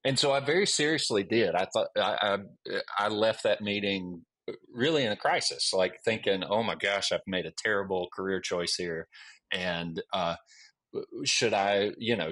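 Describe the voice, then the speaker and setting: Low-voiced Alabama man telling a story. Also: normal speed, fairly bright tone. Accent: Southern US (Alabama). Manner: rambling with many restarts and fillers. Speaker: guest historian. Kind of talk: casual storytelling interview.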